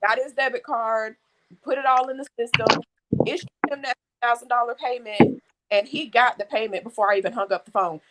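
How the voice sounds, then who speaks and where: A woman chatting casually as a co-host, telling animated, frank stories and swearing freely. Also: on the high side, a little fast, rough recording. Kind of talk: casual storytelling chat.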